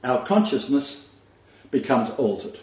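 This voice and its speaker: A man giving a spiritual lecture as a rabbi to a small live group, halting, with frequent fillers and restarts. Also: mid-range voice, sing-song, a little mellow. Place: room with a small audience. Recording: distant, roomy, dull room recording.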